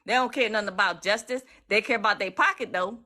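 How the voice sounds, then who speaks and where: A woman from the US East Coast, talking casually to viewers on a phone live stream in an emphatic, repetitive, excitable way. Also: medium pitch, fast talker. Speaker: legal activist streaming live.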